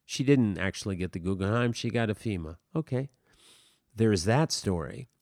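A man's voice: on the low side, lively intonation, moderate pace, darkish tone, no echo, studio quality. A man teaching acting in a casual spoken lesson, rambling with many fillers and restarts as he walks through a film scene.

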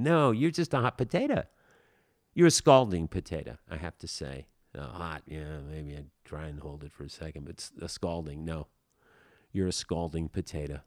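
A man with a fairly low voice talks straight into a dry, close mic with no room sound. He hands out blunt, emphatic advice in a casual, wry monologue, swearing now and then. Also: a little mellow, no echo. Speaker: podcast host giving acting advice.

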